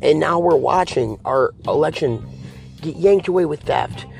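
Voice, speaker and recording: Gravelly-voiced man ranting politics. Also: on the high side, measured pace, darkish tone, faint music behind. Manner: preachy, addresses viewers as folks and guys. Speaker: political talk show host.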